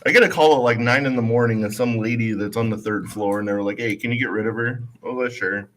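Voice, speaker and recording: A man's voice: mid-range voice, steady tone, fast talker, fairly bright tone, a little hiss or hum. A man telling a casual, laid-back story on a talk show, acting out the people he quotes. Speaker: co-host telling weekly stories.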